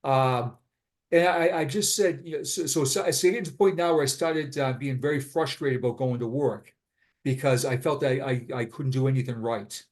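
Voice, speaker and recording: A man's voice: mid-range voice, a little fast, darkish tone. A blunt man in his fifties with a Boston accent, telling his story as a retired police sergeant in a casual interview. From Boston, USA. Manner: blunt, frank.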